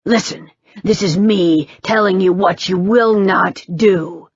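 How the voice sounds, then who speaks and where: A woman reading an audiobook, voicing a furious, domineering shapeshifter man with forceful, snarling insistence. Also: medium pitch, takes it slowly, slightly rough, dry recording. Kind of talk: audiobook character voice. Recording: slightly dull, dry recording.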